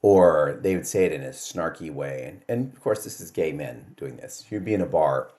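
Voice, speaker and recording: A man in his sixties talks straight to the camera in a casual, chatty way, wry and self-deprecating. His voice sits low, yet it rises and falls with animated swings as he tells his stories. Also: normal speed. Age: 60s. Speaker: vlog host.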